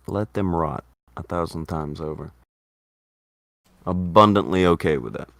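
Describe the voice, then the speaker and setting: A man's voice: fairly low pitch, a bit bright, no echo, studio quality. A man hosting a casual commentary chat, blunt, profane and exasperated. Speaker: host.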